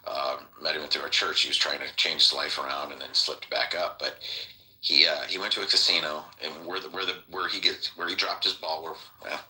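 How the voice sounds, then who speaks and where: A man's voice: very deep voice, steady tone, a little fast, bright, forceful tone, low-quality recording. A man on a casual podcast telling a rambling story, acting out the people in it and swearing freely. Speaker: podcast host.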